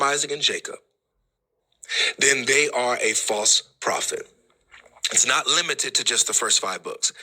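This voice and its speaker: Debate guy, sharp tense voice, animated, keeps cutting in. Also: medium pitch, poor audio. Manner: quick to interrupt, laughing dismissively. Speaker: debate host. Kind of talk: heated online debate.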